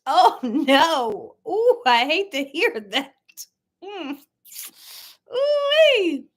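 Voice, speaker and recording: A middle-aged cooking channel host talks at an extremely slow pace in a high, very animated voice. During her casual livestream she chats with viewers and reads their comments out loud. She tells stories, laughs often and addresses them as "y'all."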